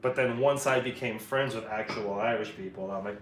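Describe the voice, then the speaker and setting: A man's voice: fairly low pitch, moderate pace, fairly bright tone, a little hiss or hum. A man chatting loosely and rambling on a live stream while he paints, with frequent swearing. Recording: echoey room with music in the background.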